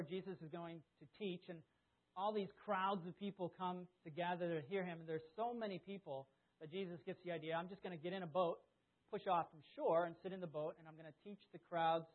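A man preaching a sermon in a conversational, animated storytelling way, to a congregation he questions directly. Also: fairly high pitch. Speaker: pastor. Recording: tinny phone-like lo-fi sound.

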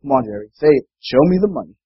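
A man voicing a pushy male football player who demands to hear a catchphrase, coaxing and then yelling high and loud. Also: fairly even intonation, fast talker, slightly rough, no echo, highs cut off.

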